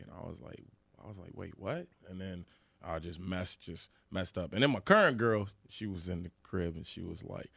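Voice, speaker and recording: A man's voice: low voice, fairly quick, gravelly, dry recording. Laid-back man with slangy delivery. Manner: laid-back slangy storytelling, quotes others in voices. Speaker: comedian, guest. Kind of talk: casual podcast chat.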